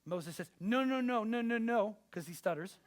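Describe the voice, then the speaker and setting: A male pastor delivers a sermon in a fairly high voice. He speaks emphatically, addressing his listeners directly and pressing his points home. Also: expressive, moderate pace.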